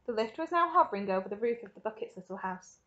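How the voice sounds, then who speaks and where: A woman primary school teacher reading a story aloud to children in a lively, expressive way. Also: fairly high pitch, fast talker, lo-fi sound.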